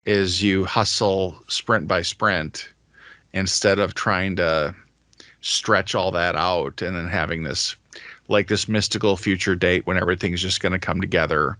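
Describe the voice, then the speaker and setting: Very low-voiced male podcast host, casual and thinking aloud, dry close sound. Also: steady tone, a little slow, sharp tone, dry recording. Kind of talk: conversational podcast talk.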